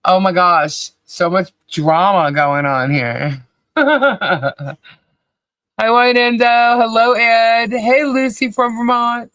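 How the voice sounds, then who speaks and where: Livestream co-host, cheerful and chatty, slow and easy delivery, dry close sound. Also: mid-range voice, a bit bright, no echo. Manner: cheerful, laughs often, calls out names. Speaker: podcast co-host. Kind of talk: casual livestream chat, greeting viewers.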